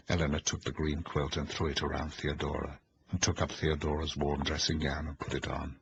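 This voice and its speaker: A man narrating an audiobook in a measured, suspenseful reading. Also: very deep voice, level tone, gravelly, breathy edge, dull audio.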